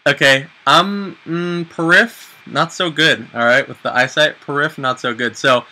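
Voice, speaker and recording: A young man talks casually in a very bright, sharp voice. He keeps joking at his own expense and acts out small scenes as he goes. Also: fairly high pitch, unhurried, low-quality recording. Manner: joking, self-mocking, acts out little scenes. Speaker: video host. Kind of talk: casual chat.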